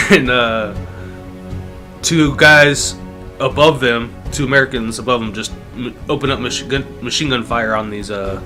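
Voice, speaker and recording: A man's voice: medium pitch, a little slow, pushed and bright, soft background music. A man co-hosting a casual podcast chat, recapping scenes eagerly with plenty of fillers. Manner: enthusiastic, rambling retelling with fillers. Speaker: podcast co-host.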